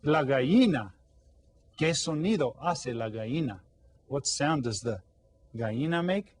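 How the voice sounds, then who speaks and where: A man's voice: medium pitch, expressive, measured pace, pauses often, a little mellow, dry recording. A man teaching a playful children's Spanish lesson, coaxing the kids with questions and mimicking animal sounds.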